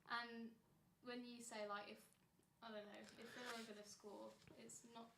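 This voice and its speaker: A woman's voice: fairly high pitch, little pitch movement, moderate pace, gravelly, sharp tone, a little hiss or hum. A young woman from Birmingham with a Birmingham accent, chatting casually and playfully on a livestream as co-host. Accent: Birmingham English. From Birmingham, England. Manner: playful, laughs easily, defensive when teased. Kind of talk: casual chat.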